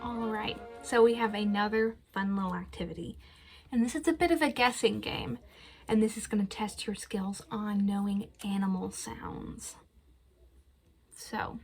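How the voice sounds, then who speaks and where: A woman hosting a children's library storytime, reading a poem aloud and leading action rhymes and animal-sound games in a slow, gentle sing-song voice, seated in front of a camera. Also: a little high, expressive.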